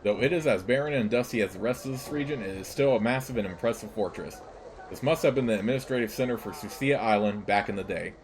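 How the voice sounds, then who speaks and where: A man narrating a let's play, reading the game's text aloud at a steady, measured pace. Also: fairly low pitch, a little hiss or hum.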